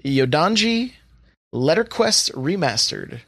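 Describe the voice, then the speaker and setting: A man's voice: a little high, sing-song, takes it slowly, fairly bright tone, husky, dry recording, studio quality. A man hosting a casual podcast, reading off sale prices with lots of fillers and chat. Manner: chatty, reads sale prices with many fillers. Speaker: podcast host.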